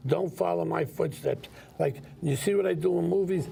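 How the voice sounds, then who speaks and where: Gravelly New man, host. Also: a little high, moderate pace, mellow. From New York. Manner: streetwise storyteller, plain and direct. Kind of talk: casual chat.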